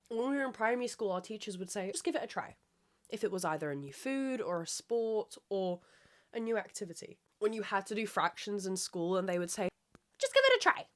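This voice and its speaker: A woman hosting her own podcast, ranting with heavy swearing and rambling off track in a solo monologue. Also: medium pitch. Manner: rambling, loses her train of thought. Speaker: podcast host.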